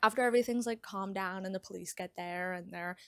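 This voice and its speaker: A woman's voice: medium pitch, fairly quick. Young woman book vlogger, chatty recap, says like constantly, dry sound, no room echo. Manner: chatty, heavy use of "like", lively retelling. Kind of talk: casual plot recap.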